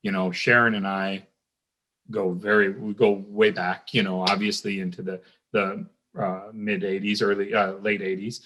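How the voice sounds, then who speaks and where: A man's voice: lowish voice, level tone, moderate pace, noisy background. A man in his fifties, an alumni guest, casually reminiscing and telling a rambling story full of ums and restarts.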